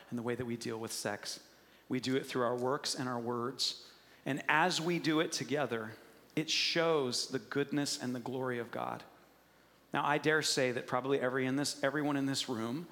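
A man preaching a sermon to a congregation in earnest, conversational tones that grow quiet and gentle in prayer. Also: mid-range voice. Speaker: pastor. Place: church sanctuary. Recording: hall reverb.

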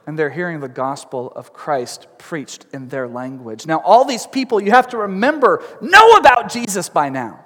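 A man with a fairly high voice preaches from a church sanctuary, and his words ring out with a long hall reverb. He tells the story in a chatty, lively way, full of asides, and slips into the voices of the people in it. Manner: animated storytelling, acting out crowd voices. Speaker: pastor. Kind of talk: sermon.

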